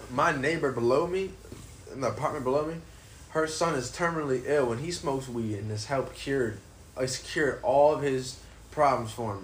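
A man's voice: medium pitch, slight background noise. A man hosting a casual podcast in his apartment, talking loosely and rambling with a lot of swearing. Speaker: podcast host. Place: apartment room.

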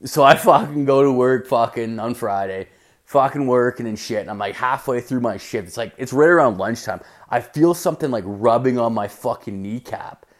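A man's voice: mid-range voice, moderate pace. Young guy ranting, swearing nonstop. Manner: rambling, swears constantly, filler "like". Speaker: vlogger telling a story. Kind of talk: casual storytime rant.

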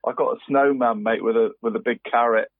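A man's voice: medium pitch, fairly even intonation, brisk, no echo. Chatty man on a phone line. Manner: chatty, laughs often, says "mate" constantly. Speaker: podcast co-host. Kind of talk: casual chat. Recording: tinny phone-like line, dry.

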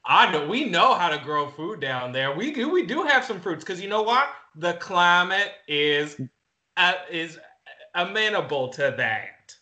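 A man's voice: sits high, expressive, a little slow, pushed and bright, exaggerated voice. A man playing a hot-tempered male fruit farmer with a Southern US drawl in an improv comedy sketch. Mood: angry. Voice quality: drawling, indignant.

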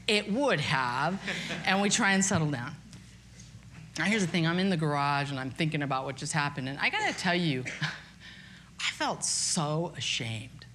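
A woman in her fifties telling a personal story in a candid, self-deprecating, animated way. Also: medium pitch, a little hiss or hum. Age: 50s.

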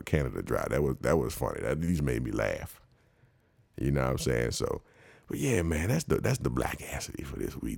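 A man's voice: a bass voice, creaky, darkish tone, breathy edge, dry recording. A man hosting a show, telling casual comic stories in a slangy, rambling way and laughing often.

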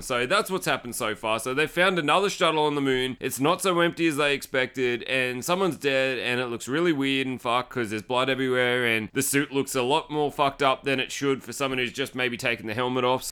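A man's voice: medium pitch, fairly quick, few pauses, sharp tone, clear, resonant tone. A young man recapping a movie in a casual, rambling way, swearing a lot. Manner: rambling, swears constantly, often unsure. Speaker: movie reviewer recapping a film. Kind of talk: casual, profane plot recap.

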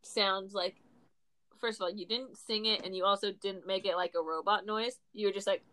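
A woman's voice: mid-range voice, normal speed. A young woman co-hosting a podcast, telling stories in casual chat and swearing often. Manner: animated storytelling, swearing. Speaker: podcast co-host.

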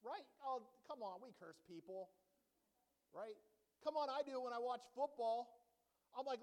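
A male pastor preaching a sermon to a congregation in a church, animated and joking, often checking in with the audience. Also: extremely high pitch, fairly quick, big-room sound.

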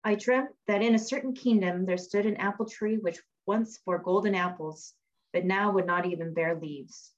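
A woman's voice: medium pitch, moderate pace, natural voice. A woman voicing the devil's shrewd old grandmother in a read-aloud fairy tale, scolding and coaxing. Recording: dull lo-fi recording.

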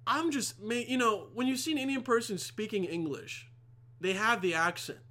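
A man's voice: high-pitched, moderate pace, bright, forceful tone. A young man delivering a rambling, profane comedic rant to camera with heavy swearing. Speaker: vlogger.

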